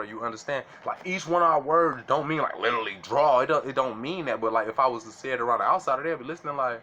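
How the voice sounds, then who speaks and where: Casual vlogger, man, slangy and bright, faint noise behind. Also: medium pitch, quick pace, few pauses. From Illinois. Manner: slangy, keeps asking "you know what I'm saying". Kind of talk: casual monologue to camera.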